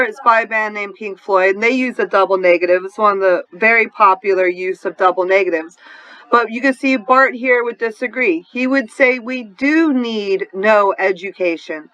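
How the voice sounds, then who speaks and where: Bright-voiced New Orleans woman teaching grammar. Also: on the high side, muffled recording. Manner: explanatory, checks in with "right?", laughs lightly. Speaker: ESL teacher. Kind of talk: classroom grammar lesson.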